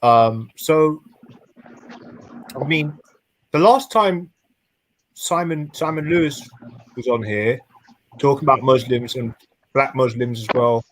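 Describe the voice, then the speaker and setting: A man's voice: mid-range voice, takes it slowly, pauses often. A man calling into a casual live chat, joking and rambling, often restarting his words. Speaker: caller. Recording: noisy call audio.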